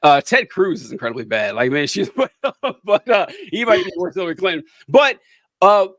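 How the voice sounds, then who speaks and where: A man's voice: sits high, lively intonation, fairly quick, fairly bright tone, no room sound. A man co-hosting a podcast, talking politics casually, rambling with fillers and sarcastic asides. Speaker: podcast co-host.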